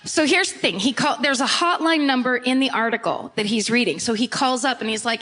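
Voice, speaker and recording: A woman's voice: high voice, lively intonation, a little fast, few pauses, fairly bright tone. An American woman co-hosting a comedy podcast, telling a story with lots of swearing and laughs mid-sentence. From United States. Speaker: podcast co-host. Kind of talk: comedic storytelling before a live audience.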